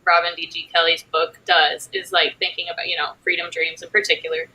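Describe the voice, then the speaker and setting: A woman's voice: lowish voice, very animated, brisk, bright, forceful tone, poor audio. A woman moderating a casual panel conversation, thinking aloud with loose phrasing and frequent fillers.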